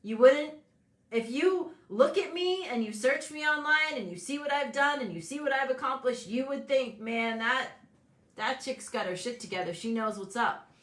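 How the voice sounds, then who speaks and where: A woman who hosts a casual motivational talk show and works as a business coach speaks candidly and animatedly, acting out the voices of people she quotes. Her voice sits high with a fairly bright tone at normal speed, in an echoey room.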